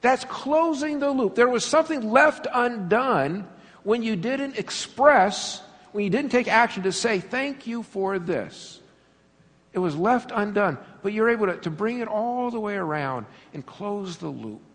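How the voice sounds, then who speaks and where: Animated man preaching in a reverberant hall. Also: high-pitched, moderate pace. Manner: animated, laughing storyteller acting out scenes. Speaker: pastor. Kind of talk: sermon.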